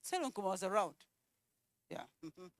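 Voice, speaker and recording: A woman presenting at a conference, calling out attendees' names one by one and repeating each, with quiet asides in between. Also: mid-range voice, sing-song, normal speed, no echo. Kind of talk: roll call at a conference.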